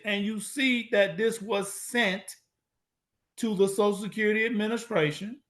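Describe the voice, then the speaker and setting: High-voiced man lecturing with repetition. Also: fairly bright tone. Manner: preacherly, repeating phrases for emphasis; casual, drawn-out delivery with slang. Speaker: speaker presenting to an online audience. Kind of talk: emphatic lecture. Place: at a computer, sharing his screen.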